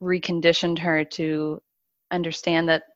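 Woman, horse trainer, lowish voice, friendly and laughing, muffled dry recording. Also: little pitch movement, a little slow, no echo. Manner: friendly, laughs often, rambling with restarts. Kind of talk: casual conversation.

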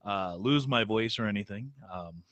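Congested man, stuffy nose, halting casual podcast talk, bright tone, dry sound. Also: on the low side, dry recording, dull audio. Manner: halting, many fillers and restarts. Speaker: podcast co-host. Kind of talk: casual live podcast chat.

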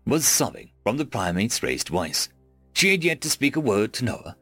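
A man reading a sci-fi story aloud in first person as an audiobook narrator, with expressive, varied delivery. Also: mid-range voice, no room sound. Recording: dry close mic with faint music.

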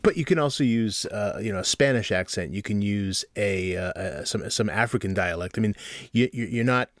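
A man's voice: lowish voice, moderate pace, no room sound. A man co-hosting a casual roundtable chat, agreeable and using many fillers. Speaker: podcast co-host.

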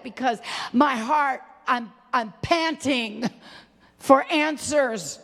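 A middle-aged woman preaching a sermon, swinging from loud impassioned cries to hushed, low, tearful tones. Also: slow pace, long reverb tail. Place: church sanctuary.

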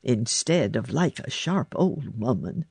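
A gruff old gardener in a storybook, stern and plain-spoken, his words drawn out slowly, as a woman reads him. The voice has a gravelly, husky edge and sounds close and dry. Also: extremely low pitch, animated, darkish tone, no room sound, pitched below the performer's own voice, full character voice. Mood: kindly. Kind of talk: storybook reading.

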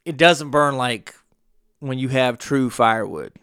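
A man's voice: mid-range voice, measured pace, a bit bright, smooth, no room sound, clean studio sound. A middle-aged man hosting a podcast, telling a rambling story in a casual monologue with frequent asides to the listener. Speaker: podcast host.

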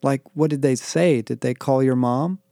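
A man's voice: medium pitch, normal speed, creaky, warm tone, no room sound, studio quality, close to an everyday voice. A man voicing a bossy, motherly teenage girl who whines and scolds in a raised voice. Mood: worried. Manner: whiny, defensive, scolding.

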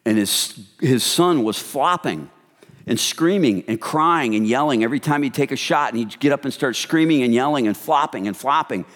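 A male pastor giving an animated sermon to a congregation, sometimes dropping into hushed voices to act out gossip. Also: mid-range voice, normal speed, big-room sound.

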